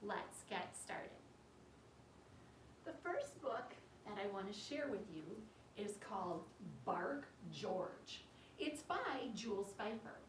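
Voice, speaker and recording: A woman teaching yoga to young children, reading a story aloud and guiding poses gently, making animal sounds along the way. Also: mid-range voice, very animated, slow pace. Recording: roomy echo, distant mic, faint background noise.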